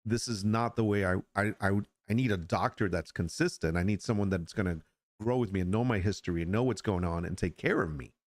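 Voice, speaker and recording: A man's voice: fairly low pitch, a little fast, dry recording. A middle-aged man hosting a casual solo podcast chat, rambling and frank, often repeating words as he restarts a thought. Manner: frank, opinionated. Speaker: podcast host.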